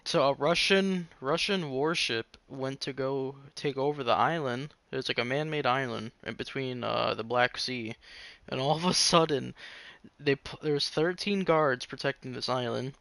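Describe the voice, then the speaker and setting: A man's voice: mid-range voice, unhurried, gravelly, a bit bright, dry recording. A young man casually commenting over a video game, telling stories in loose, chatty slang, with game music playing behind. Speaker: gaming channel host.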